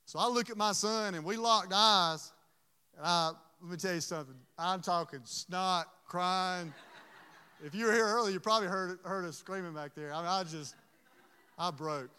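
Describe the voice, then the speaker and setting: High bright-voiced guy preaching, earnest and emotional, lots of restarts, echoey hall. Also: brisk, smooth. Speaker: pastor. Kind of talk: sermon.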